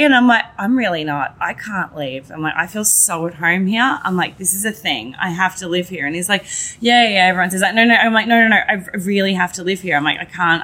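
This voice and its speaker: A woman with a fairly low voice telling a long personal story in a relaxed chat. She fills her speech with "like" and swears casually. She acts out the lines of everyone in the story in lively voices. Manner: animated, quotes herself and others in lively voices. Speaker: guest.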